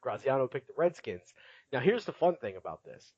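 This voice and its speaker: A man's voice: mid-range voice, big pitch swings, a little fast, a little mellow, no echo, muffled recording. Chatty laughing male podcast host. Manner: chatty, laughs often, recaps with filler words. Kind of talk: casual podcast chat.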